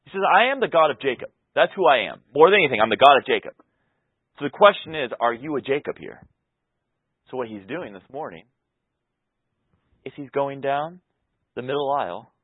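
A pastor preaching a sermon, moving between loud, passionate peaks and soft, intimate stretches. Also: male voice, mid-range voice, expressive, normal speed, pauses often, husky, no room sound. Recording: tinny phone-like sound.

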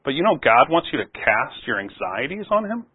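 A man preaching a sermon in an earnest voice, rising to loud pleading and dropping to soft, low asides. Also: sing-song, moderate pace, husky. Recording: phone-like narrow sound.

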